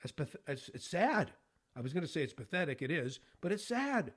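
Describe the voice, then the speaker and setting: A middle-aged man hosting a devotional podcast, speaking earnestly and with deep feeling, at times choking up with emotion. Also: big pitch swings, brisk, fairly bright tone, husky. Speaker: podcast host.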